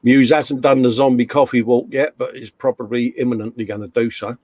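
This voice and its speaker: A man's voice: medium pitch, steady tone, brisk, a little mellow, no room sound. A man hosting a casual live stream, chatting and reading out viewer comments in a jokey way.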